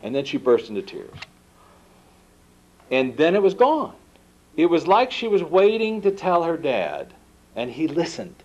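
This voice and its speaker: A man giving a book talk, telling stories in an animated way and acting out the dialogue. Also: fairly high pitch, a little slow, pauses often, dull audio. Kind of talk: storytelling lecture. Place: lecture room at an institute.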